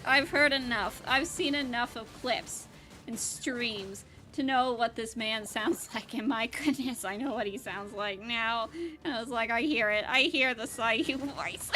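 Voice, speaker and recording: Giggly bright-voiced woman streamer. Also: fairly high pitch. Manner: giggly, laughs often, rambling with restarts. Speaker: VTuber streamer. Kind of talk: casual live-stream chat while gaming.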